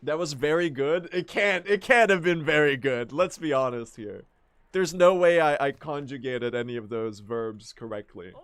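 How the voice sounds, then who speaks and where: A man's voice: on the high side, moderate pace, a bit bright, smooth, dry recording. A young man chatting casually on a speedrun stream, self-mocking and laughing often. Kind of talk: casual live-stream chat.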